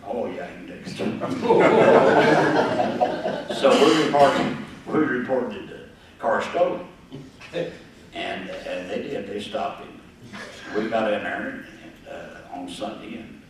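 An older man telling a rambling, folksy story to a live group, chuckling and acting out the voices of the people in it. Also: deep voice. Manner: chuckling, folksy, acts out the voices in his stories. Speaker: guest storyteller at a gathering. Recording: echoey room, voice from far off the mic, faint noise.

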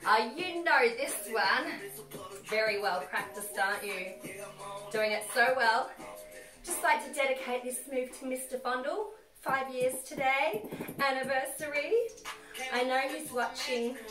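An Australian fitness instructor with a high, unhurried voice leads a comedic workout livestream, cheekily and sassily coaching the moves while she exercises. She sounds far from the mic in a roomy space, with workout music behind her.

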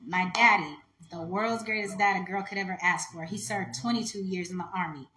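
A woman's voice: medium pitch, fairly even intonation, fairly quick, pushed and bright. Woman, live-stream seller, heartfelt and chatty, echoey room with faint hiss. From United States. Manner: heartfelt, chatty, addresses viewers directly. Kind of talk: casual live-stream talk.

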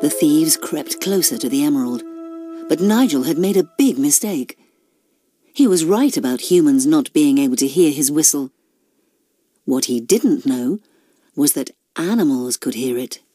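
A woman narrating a children's storybook in a slow, expressive way. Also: deep voice, slightly rough, dry recording, studio quality. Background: background music.

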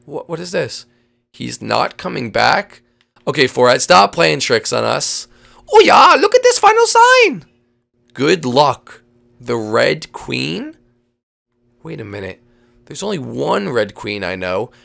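A woman hosting a game role-play, leading her friends in an excitable, bossy way with sudden shouts. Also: a bass voice, slow, gravelly. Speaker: host.

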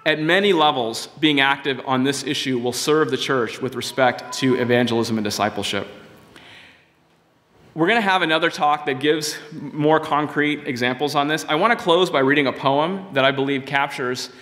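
A man preaches with earnest, measured conviction. His voice sits a little high for a man, and it rings out with the long reverb of a big hall. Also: fairly bright tone. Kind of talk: sermon.

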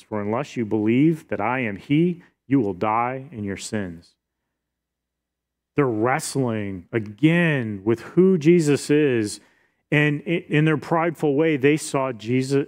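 Middle-aged male pastor, mid-pitched, earnest expository preacher. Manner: earnest expository preaching, reading scripture aloud. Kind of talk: sermon.

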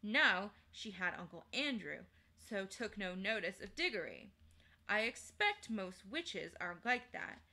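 A woman streamer reading a children's novel aloud in a measured, unhurried way. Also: mid-range voice, big pitch swings, bright, forceful tone. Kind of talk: storybook read-aloud.

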